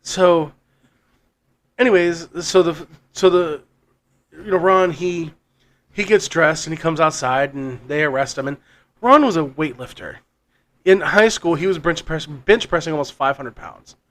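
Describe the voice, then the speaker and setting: A man's voice: on the high side, unhurried, fairly bright tone. Rambling, profane podcast man. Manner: rambling and profane, with frequent restarts and laughs. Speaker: podcast co-host. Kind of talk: casual storytelling.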